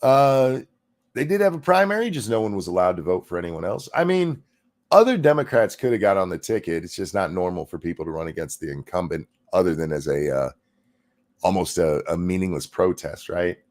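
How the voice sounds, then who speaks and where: A man's voice: low voice, animated, fairly quick, a little mellow. A man hosting a profane, sarcastic political commentary rant over video clips. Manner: sarcastic, profane, mocking mimicry.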